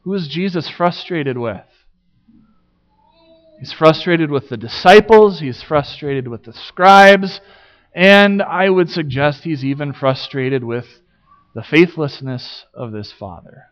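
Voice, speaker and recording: A man delivers a sermon at a deliberate, unhurried pace. His voice sits slightly higher than most men's, and he leans on rhetorical questions and dramatic pauses. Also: expressive, a bit bright, dull audio. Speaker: pastor.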